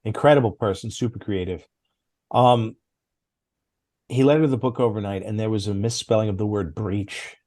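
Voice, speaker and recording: A man's voice: lowish voice, normal speed, long pauses, no echo, clean studio sound. A middle-aged man, a former comics editor, telling stories in an interview and acting out the dialogue. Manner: animated, acts out quoted dialogue. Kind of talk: interview storytelling.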